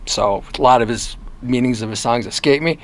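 Older man telling lively stories. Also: medium pitch, fairly quick. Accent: Michigan. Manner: animated storyteller who acts out quoted voices. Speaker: interview guest, former newspaper reporter. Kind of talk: casual storytelling in an interview.

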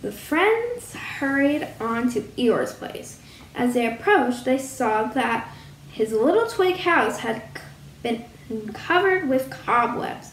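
A woman reading a picture book aloud as storyteller, in a sing-song, animated way. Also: high-pitched, slow pace. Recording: roomy with faint hum.

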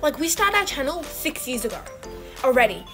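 A bubbly young woman chatting through a casual gaming vlog. Her voice sits high and swings widely, and she rambles with plenty of fillers. Music plays clearly behind her. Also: big pitch swings, fairly quick. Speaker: channel co-host.

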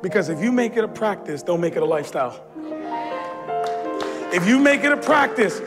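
A middle-aged man preaching a fervent sermon in church, rising to shouts at the peaks. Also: high-pitched, very animated, fairly quick, over music. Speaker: pastor. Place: church sanctuary.

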